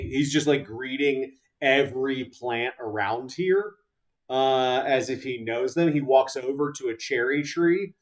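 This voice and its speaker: A man narrating a tabletop game as game master, halting often to gather his thoughts. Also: medium pitch. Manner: halting, full of "uh" fillers.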